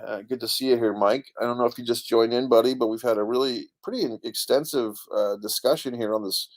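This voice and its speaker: Speaking fast in a steady, medium-pitched voice, a middle-aged online show host rambles about a comedy special and reads viewer comments from his casual live stream.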